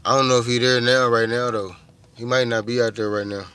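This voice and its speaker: A man's voice: mid-range voice, fairly even intonation, brisk, sharp tone, clean tone. A middle-aged man, chatting casually and profanely with viewers on a livestream, rambling from one thought to the next. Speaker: livestream host.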